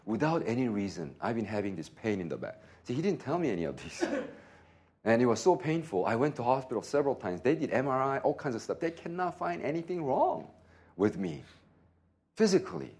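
A pastor preaching a sermon, telling a story with lots of laughter and acted-out dialogue. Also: male voice, mid-range voice, fairly quick. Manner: animated, laughing often, acts out dialogue.

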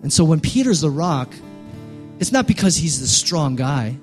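A male pastor preaching a sermon, building to loud, emphatic peaks and dropping quiet again. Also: on the high side, big pitch swings, moderate pace, soft background music.

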